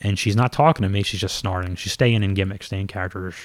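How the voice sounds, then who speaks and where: Male storyteller, low voice, dry close sound, casual and self-deprecating, swears easily. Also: fast talker, no room sound. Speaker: former pro wrestler telling a story.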